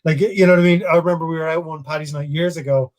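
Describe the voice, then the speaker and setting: Joking Irish man, slightly high voice. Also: fairly even intonation, rapid-fire. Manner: joking, self-mocking, stumbling restarts. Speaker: podcast co-host. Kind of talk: casual comedy chat.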